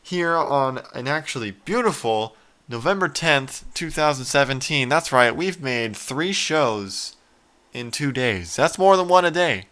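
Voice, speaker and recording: A man's voice: mid-range voice, expressive, a little slow, fairly bright tone. A man hosting a comedy podcast, bickering and trading sarcastic insults. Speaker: podcast host.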